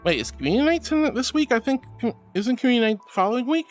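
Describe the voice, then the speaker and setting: A man's voice: very high voice, sing-song, very fast, soft background music. A man streaming as a VTuber in casual chat, reading viewer messages aloud and greeting people affectionately with pet names. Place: VRChat stream.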